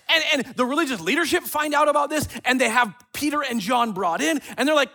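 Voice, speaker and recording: A man preaching a casual sermon, retelling scripture stories in an animated way with quick asides. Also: very high-pitched, gravelly. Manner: animated storytelling with acted quotes and asides. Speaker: pastor.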